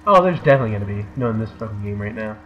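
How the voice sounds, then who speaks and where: A man hosting a co-op game let's play, reacting loudly with exclamations and swearing. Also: on the low side, rapid-fire, highs cut off, noisy background. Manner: excitable, swearing, yelping exclamations. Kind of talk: co-op gameplay commentary.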